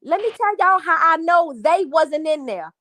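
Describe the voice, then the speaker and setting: A woman's voice: extremely high pitch, lively intonation, normal speed, bright, forceful tone, no room sound. A woman hosting a livestream, venting angrily to her viewers in a profane, repetitive rant. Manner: angry, profane, repetitive, addresses chat as y'all. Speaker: livestream host.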